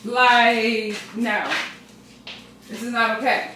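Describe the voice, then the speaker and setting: Bright, expressive woman vlogging at home. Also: mid-range voice, unhurried, slight background noise. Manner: expressive, exclaiming and grumbling to viewers. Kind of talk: casual vlog chat. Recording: roomy echo, faint ambience.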